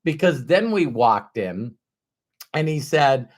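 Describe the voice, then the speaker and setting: Speaking slowly in a mid-range voice, this middle-aged motivational speaker shares a candid story from his own life, punctuated by abrupt, loud, animated outbursts.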